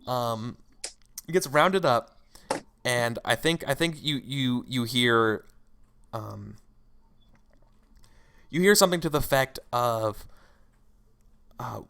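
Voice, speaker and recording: A man's voice: medium pitch, expressive, takes it slowly, gravelly, pauses often, fairly bright tone, smooth. A man narrating a scene as game master in a tabletop role-playing game, rambling with many fillers.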